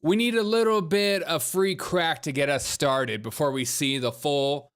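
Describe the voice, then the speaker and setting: A man from South Carolina with a Southern accent, hosting a comedic news podcast with fast, sarcastic asides. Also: a little high, a bit bright, clean tone. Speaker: podcast host.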